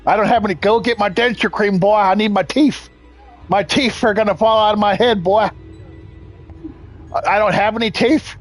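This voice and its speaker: Cranky toothless old man, 86, barking orders in a raised, high voice; man doing the voice. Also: steady tone, normal speed, pauses often, faint music behind. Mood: bossy.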